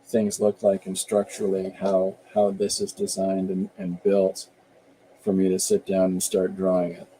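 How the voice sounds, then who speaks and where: An artist in his fifties hosts his show, drawing live and chatting in a rambling, easygoing way about his work as he explains it. His low, dark voice is delivered completely flat at a moderate pace. The recording is rough, with slight background noise.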